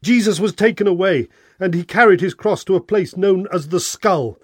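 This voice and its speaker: A man narrating a Bible reading in a clear, expressive way. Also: high-pitched, moderate pace, no room sound, studio quality.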